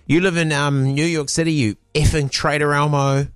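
A man's voice: on the high side, little pitch movement, moderate pace, clean tone, no echo, clean studio sound, soft background music. A man, hosting casual radio banter and reading out online comments with mock outrage. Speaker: radio host.

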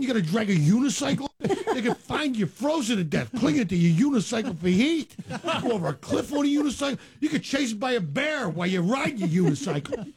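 A man doing stand-up storytelling on a radio show, animated and laughing through his jokes. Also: very high voice, gravelly. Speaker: stand-up comedian guest. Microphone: studio mic.

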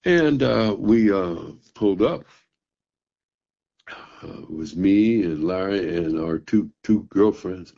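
Low gravelly older man telling stories. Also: expressive, dark tone. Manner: halting, with fillers and repeated words. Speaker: blues musician telling a story to an interviewer. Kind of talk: casual storytelling. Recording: dull, muffled recording.

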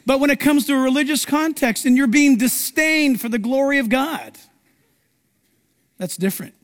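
A man's voice: extremely high pitch, moderate pace, long reverb tail. A male pastor preaching a sermon, telling stories dramatically and acting out the quotes. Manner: animated, dramatic storytelling with acted-out quotes.

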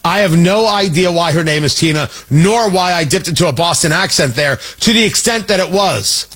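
A man's voice: a little high, expressive, moderate pace, fairly bright tone, breathy edge. A man hosting a political talk radio show, delivering a sarcastic, riffing monologue and slipping into mock voices. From Midwest.

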